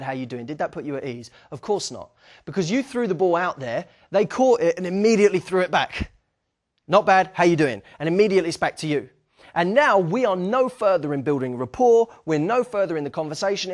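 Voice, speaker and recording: Energetic man coaching on dating. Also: high-pitched. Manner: energetic, acts out sample dialogue, frequent "okay?" check-ins. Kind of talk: instructional talk to camera.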